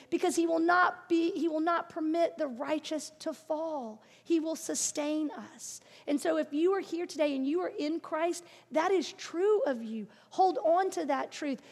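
A woman's voice: sits high, a little mellow. A middle-aged woman preaching a sermon, earnest and encouraging, with playful asides. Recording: long reverb of a large hall.

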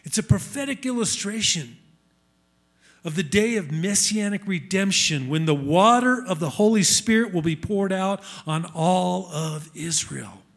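Male preacher, higher-pitched voice, earnest sermon delivery to a congregation. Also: expressive, measured pace, gravelly. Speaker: messianic congregation teacher. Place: congregation hall with screen.

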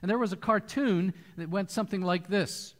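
A man preaching a sermon to a church congregation, telling stories with lively, animated delivery. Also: high-pitched, moderate pace. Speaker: pastor. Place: church hall. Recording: long hall reverb.

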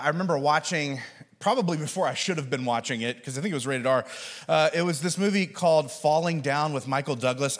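A man delivers a sermon in a loose, conversational way, full of fillers and little jokes. His voice sits a bit higher than most men's, and he talks as a pastor to his congregation. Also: fairly bright tone. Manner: conversational, joking preaching with filler words.

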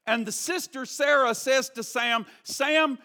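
Male preacher, very high voice, sermon, impassioned, repeats words for emphasis. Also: moderate pace. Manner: impassioned, swings from hushed prayer to loud emphatic preaching; repeats words and restarts when building emphasis. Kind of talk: sermon with a prayer and a storytelling illustration.

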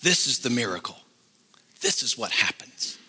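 Lively pastor in a reverberant hall. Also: male voice, medium pitch, normal speed, slightly rough. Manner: conversational, joking asides. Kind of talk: sermon.

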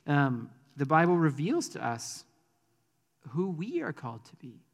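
A man's voice: a little high, sing-song, unhurried, in a large hall. A man preaching a sermon in a conversational, earnest way, with frequent ums. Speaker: pastor.

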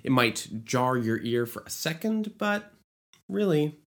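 An animated explainer voice with a lot of pitch movement, walking through how lyrics fit melodies. Between the teaching points come playful asides and jokes, and the speaker now and then sings a short lyric to show the point. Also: unhurried. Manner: playful asides, jokes about own bad accent. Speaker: musical theater writer teaching lyric writing. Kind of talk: educational video explainer.

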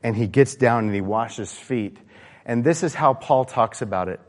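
Preacher in a reverberant hall. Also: male voice, mid-range voice, moderate pace. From American South. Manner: informal, asks the congregation questions, frequent fillers and restarts. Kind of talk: conversational sermon. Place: church sanctuary. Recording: long reverb of a church hall.

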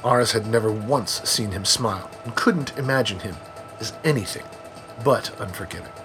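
A man narrating a story in a plain, steady storytelling way. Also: fairly low pitch, normal speed, music in the background. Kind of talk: scripted audiobook narration.

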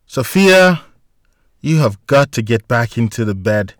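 Man voicing a woman doctor, forceful, clipped, insistent, slightly raised voice, dry sound. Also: mid-range voice, moderate pace, dry recording, lightly acted. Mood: firm.

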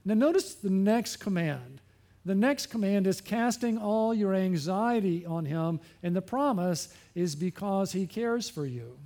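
A man's voice: sits high, expressive, unhurried, mellow. A male pastor preaching a sermon, earnest, asking questions and repeating phrases for emphasis.

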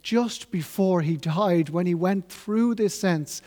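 Earnest preacher in a reverberant church. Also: male voice, high-pitched, dark tone. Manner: earnest, measured, reflective. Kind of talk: sermon.

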